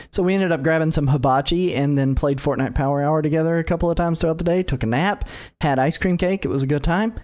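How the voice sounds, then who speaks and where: This podcast co-host is a man in his thirties whose voice sits fairly high and has a slightly mellow quality. In loose, casual chat he spins a long, rambling tale full of fillers, performing each quote he recounts.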